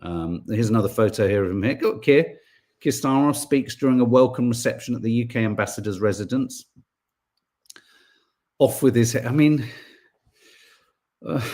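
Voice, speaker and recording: A man, hosting a podcast in casual chat and reading out viewer comments in a rambling, animated way. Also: medium pitch. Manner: rambling, animated, full of restarts and asides. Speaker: podcast host.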